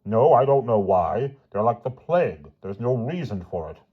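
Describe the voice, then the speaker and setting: A man's voice: mid-range voice, big pitch swings, moderate pace, husky, muffled recording, voice pushed up. A man voicing a pompous, blustering middle-aged headmaster who sounds indignant.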